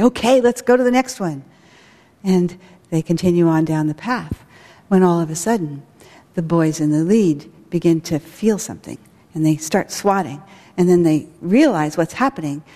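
Woman giving a spiritual talk, storytelling, warm mellow voice, big echoey hall. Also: on the low side. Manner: earnest, storytelling with acted quotes. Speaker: school director giving a talk. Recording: long hall reverb.

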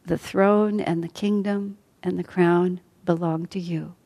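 A woman telling a story who voices a sorrowful royal mother, speaking in an earnest, soft way. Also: fairly low pitch, steady tone, a little slow, creaky. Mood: pleading.

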